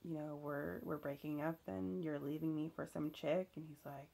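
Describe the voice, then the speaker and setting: A woman's voice: deep voice, fairly even intonation, normal speed, vocal fry, warm tone. A young woman candidly telling a personal story, swearing freely and using lots of fillers. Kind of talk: casual storytelling.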